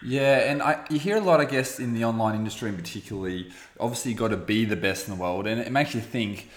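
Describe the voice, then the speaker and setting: A man's voice: fairly low pitch, quick pace, roomy sound. A man hosting an interview, asking long, rambling questions full of fillers. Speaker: interview host. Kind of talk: conversational interview.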